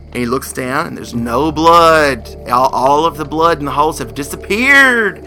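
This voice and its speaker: A man's voice: on the high side, moderate pace, hardly any pauses, faint music behind. A man telling a spooky story casually, acting out the characters. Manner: animated, acts out the characters' voices.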